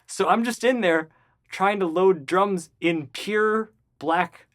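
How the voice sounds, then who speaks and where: Guy telling a story in an interview, does the voices, gets loud and squeaky when hyped. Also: slow pace. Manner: animated, acts out the voices of people in his story; jumps high and loud when excited. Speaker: interview guest.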